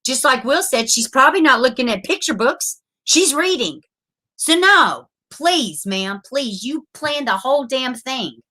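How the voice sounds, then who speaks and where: A woman's voice: sits high, animated, measured pace, bright, forceful tone. A woman, hosting a casual livestream, chatting with viewers, laughing often and swearing freely. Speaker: livestream host reading viewer comments.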